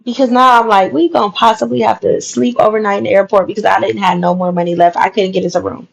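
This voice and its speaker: A woman's voice: medium pitch, fast talker, creaky, low-quality recording. Woman telling a story, emphatic, keeps repeating stuff, casual chat. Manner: animated, emphatic retelling with repeated phrases.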